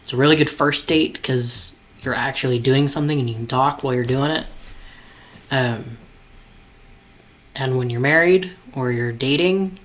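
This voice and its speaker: A man co-hosting a podcast, chatting casually and calmly. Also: medium pitch, moderate pace. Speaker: podcast co-host. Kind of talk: casual chat.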